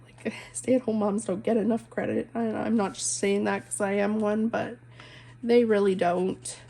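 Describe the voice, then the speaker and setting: A woman's voice: medium pitch, level tone, normal speed, gravelly, warm tone. A woman in her twenties, a stay-at-home mom, chatting casually and rambling while she colors, full of "like" and "um". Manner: rambling, heavy use of "like" and "um", self-interrupting.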